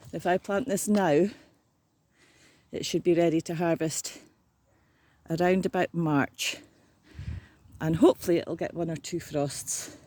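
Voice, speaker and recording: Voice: medium pitch, a little mellow, dry recording. An older vlogger chatting casually in a matter-of-fact way while working outdoors in a garden. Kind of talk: casual chat.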